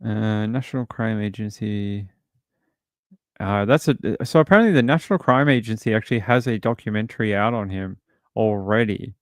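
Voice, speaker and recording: A man's voice: lowish voice, moderate pace, no echo, clean studio sound. A British man hosting a true crime livestream, talking casually and reading out chat messages. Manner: rambling, reads chat aloud. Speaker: streamer host.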